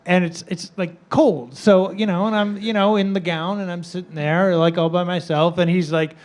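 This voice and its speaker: A man's voice: high voice, steady tone, normal speed. A middle-aged man telling a comic story in casual chat, chuckling and repeating himself as he goes.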